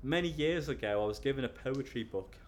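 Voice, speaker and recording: Man from england, casual interview talk, hesitant, self-conscious chuckles, mid-pitched voice. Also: lively intonation, a little fast, slight background noise. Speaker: interview guest.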